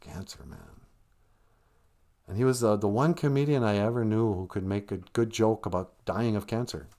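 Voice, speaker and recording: A man's voice: on the low side, normal speed, warm tone. A man hosting a live stream, telling a wandering comedic monologue and laughing at his own jokes.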